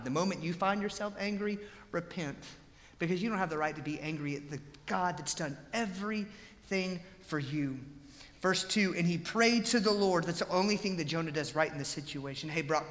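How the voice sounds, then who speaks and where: A male pastor preaching a sermon with passion, swinging between hushed earnest lines and loud, pleading ones. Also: on the high side, brisk, in a large hall. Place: church sanctuary.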